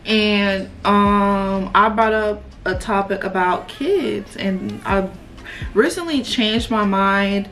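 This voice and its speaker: A woman's voice: mid-range voice, takes it slowly, a bit bright, soft background music. A woman, chatting casually and rambling with lots of fillers while she does her makeup. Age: 20s. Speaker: beauty vlogger.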